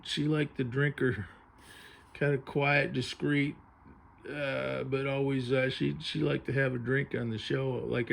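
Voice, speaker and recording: A man's voice: mid-range voice, gravelly. A man reviewing a book on vintage TV in casual commentary, chatty and musing aloud as his thoughts drift. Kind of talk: casual commentary while paging through a book.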